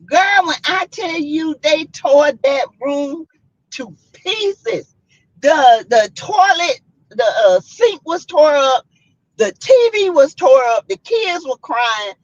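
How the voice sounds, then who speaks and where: A woman's voice: high voice, takes it slowly, dry recording, muffled recording. A woman with a Southern US accent, hosting a casual chat and telling a story dramatically. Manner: animated, dramatic, acts out quotes. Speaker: vlogger host.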